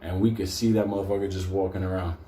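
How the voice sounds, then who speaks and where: A man tells a wild story in loose, swear-filled talk, breaking into laughter along the way. His voice is dark and mellow. The sound bounces around a roomy space. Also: sits low, fast, slight background noise. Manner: profane, laughing, animated. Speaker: host. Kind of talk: casual storytelling. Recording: roomy echo.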